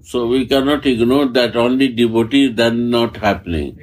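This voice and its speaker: A man giving a spiritual discourse in halting, repetitive English, often restarting his phrases. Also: medium pitch, rough recording. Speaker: spiritual teacher.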